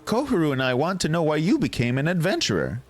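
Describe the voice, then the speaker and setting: A man's voice: fairly high pitch, sing-song, quick pace, pitched above the performer's own voice. A man voicing an earnest, admiring young boy in a game. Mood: curious.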